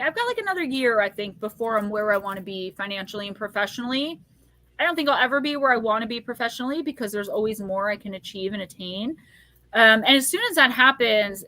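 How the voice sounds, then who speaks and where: Bright chatty woman hosting a livestream. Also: a little high, dry recording. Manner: chatty, laughs often, talks straight to viewers. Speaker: psychic livestream host. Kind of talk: casual live chat.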